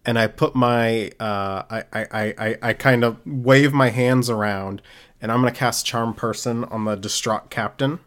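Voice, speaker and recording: A man's voice: mid-range voice, steady tone, moderate pace, fairly bright tone. A man playing in a tabletop game, hesitant and stammering as he declares his moves. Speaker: player.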